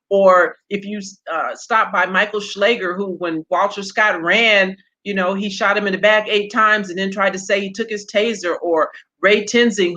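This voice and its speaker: Blunt, swearing woman, bright lo-fi voice. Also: medium pitch. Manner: blunt and emphatic, swears freely. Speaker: retired police sergeant, show host. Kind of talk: candid conversational commentary.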